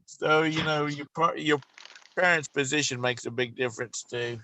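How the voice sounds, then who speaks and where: A man's voice: on the high side, steady tone, normal speed, background noise. A man hosting a morning show, telling chatty stories and laughing along as he goes. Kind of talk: casual chat.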